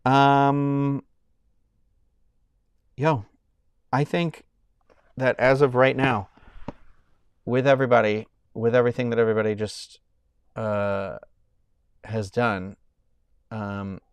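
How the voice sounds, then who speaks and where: A man's voice: medium pitch, level tone, slow, pauses often, clean tone, no echo, clean studio sound. A man in his thirties chatting casually on a live stream, rambling and often breaking off mid-sentence as he thanks viewers. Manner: rambling, self-interrupting, thanking donors warmly.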